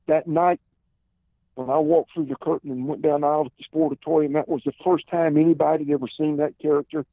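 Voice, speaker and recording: A man in his fifties with a Southern accent, telling long stories in a relaxed way as a podcast guest, heard over a tinny phone line. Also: a little high, dry recording. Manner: relaxed storyteller, many "uh" and "and" fillers. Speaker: podcast guest, former pro wrestler. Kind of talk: casual storytelling interview.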